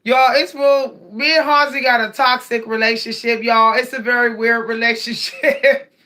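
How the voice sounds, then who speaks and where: A woman telling animated, laughing stories to her viewers in a casual vlog. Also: a little high, moderate pace. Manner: animated, laughs often, addresses viewers directly. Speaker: cat owner vlogger.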